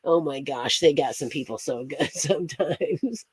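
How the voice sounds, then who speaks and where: A woman's voice: sits low, animated, unhurried, breathy edge, no room sound. A woman chatting casually on a livestream, rambling from story to story, laughing often and greeting viewers by name. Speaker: astrology streamer.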